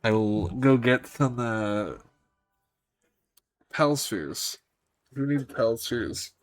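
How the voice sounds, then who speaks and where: A gaming streamer chats casually and wryly with his viewers while he plays, rambling along as he talks to chat. His medium-pitched voice has a lively intonation, though he speaks extremely slowly, and the recording is dry.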